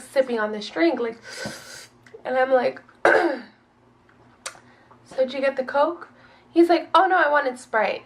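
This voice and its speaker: A young woman with a fairly high voice tells a personal story in relaxed, rambling fashion. She fills her speech with "like" and acts out quoted lines from both sides. A slight sniffle from a runny nose runs through her talk. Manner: chatty, lots of "like" and quoted dialogue. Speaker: vlogger telling a dating story. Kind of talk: casual storytime.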